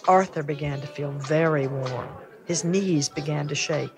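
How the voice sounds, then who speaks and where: An older woman from the United States hosting a storytime, reading a picture book aloud with gentle, lively storytelling. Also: sits low, a little slow, vocal fry, hardly any pauses, soft background music. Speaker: storytime host reader.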